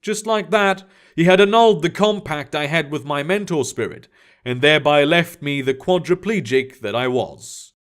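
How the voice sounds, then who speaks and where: A man's voice: a little high, moderate pace, a bit bright. Man narrating first-person fiction. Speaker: audiobook narrator.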